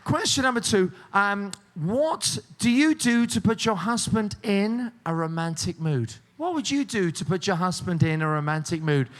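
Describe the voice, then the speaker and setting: A man hosts a game show with a high, bouncing voice that swings widely. He keeps up jokey, teasing patter with the contestants. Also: animated, moderate pace, few pauses. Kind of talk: cruise ship game show hosting.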